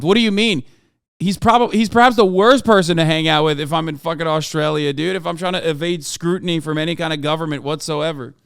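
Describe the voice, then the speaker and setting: A man in his thirties reacts to news clips on a live stream. He is loose, profane and excitable, and breaks into laughing asides. His voice is smooth and a little high, recorded dry and close. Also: fast talker, dry recording.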